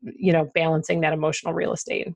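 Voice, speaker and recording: A woman's voice: deep voice, flat delivery, quick pace, gravelly. A woman author and entrepreneur talking candidly in an interview, laughing often and using lots of fillers. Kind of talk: conversational interview.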